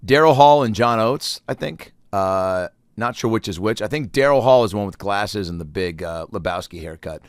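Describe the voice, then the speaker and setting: A man's voice: lowish voice, animated, normal speed, few pauses, no echo, studio quality. A man in his thirties hosting a solo comedy podcast, telling rambling, profane stories and acting out the people in them. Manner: rambling, profane storytelling with acted-out quotes.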